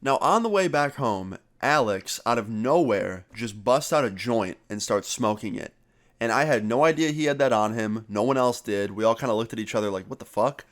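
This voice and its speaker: A man's voice: mid-range voice, lively intonation, normal speed. Young man telling a story, swearing freely. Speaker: vlogger. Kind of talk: casual storytelling.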